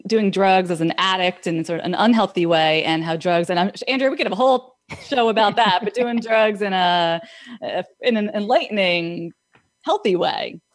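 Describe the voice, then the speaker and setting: A woman's voice: medium pitch, moderate pace. A woman hosting a casual conversation, encouraging her guest and adding reflective remarks. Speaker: host. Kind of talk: casual chat.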